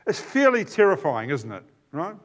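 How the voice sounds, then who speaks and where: A man with a New Zealand accent preaching a sermon in a conversational way, pausing with fillers and turning to the congregation with asides. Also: a little high, big pitch swings.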